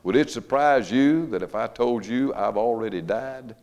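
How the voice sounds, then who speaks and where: An older man preaching a revival sermon in a church, folksy and joking, rising to loud emphatic stretches. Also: medium pitch, moderate pace, lo-fi sound. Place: church sanctuary.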